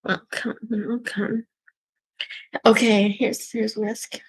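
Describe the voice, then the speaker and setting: A woman's voice: on the high side, level tone, slow pace. A woman in her thirties hosting a casual livestream, rambling and chatty, swearing freely and trailing off mid-sentence. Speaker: livestream host.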